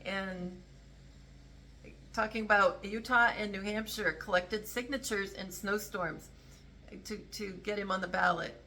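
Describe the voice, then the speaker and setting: A woman's voice: medium pitch, a little slow, sharp tone, slight background noise. A woman talking casually to camera about politics, rambling and correcting herself as she goes. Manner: rambling, self-interrupting, earnest. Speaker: political commentary vlogger.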